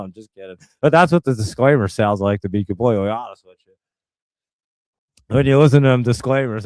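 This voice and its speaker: A man's voice: mid-range voice, darkish tone, clear, resonant tone, no room sound. A man hosting a live show, giving casual, rambling, joking market commentary and reading out viewers' chat. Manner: rambling, joking, loose and off-the-cuff. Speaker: livestream host.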